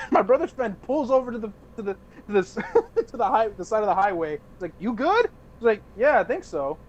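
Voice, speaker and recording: High-voiced young man rambling a story. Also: lively intonation, brisk, darkish tone, lo-fi sound, slight background noise. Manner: rambling, laughing storyteller with profanity and restarts. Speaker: podcast co-host. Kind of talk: casual storytelling.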